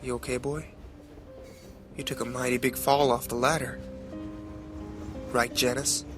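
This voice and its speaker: A man playing a slow, menacing farm father. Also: mid-range voice, music in the background, close to an everyday voice. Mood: falsely caring. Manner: slow, calm menace bursting into yelling.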